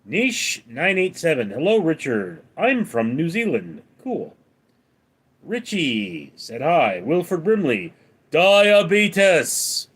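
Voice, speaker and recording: A man hosting a late-night live stream, reading viewer comments aloud and answering them with deadpan one-liners. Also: on the high side, slow, husky. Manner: deadpan quips between read-out comments. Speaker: livestream host reading chat.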